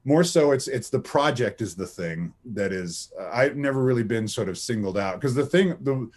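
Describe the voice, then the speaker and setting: A man in his thirties, a voice actor being interviewed, who tells anecdotes in a lively, laughing, casual way. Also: mid-range voice, moderate pace. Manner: animated, anecdotal, laughs often, many restarts. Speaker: voice actor guest.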